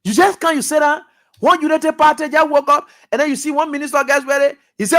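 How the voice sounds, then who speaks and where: A man hosting a radio talk show, giving impassioned political commentary that swings from loud outbursts to low muttering. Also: fairly quick. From Liberia. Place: radio studio.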